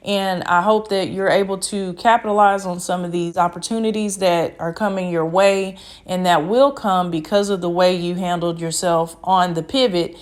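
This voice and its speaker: A woman speaking at a medium pitch, hosting her own channel. She comments calmly and reflectively, with an encouraging tone. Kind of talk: commentary to camera.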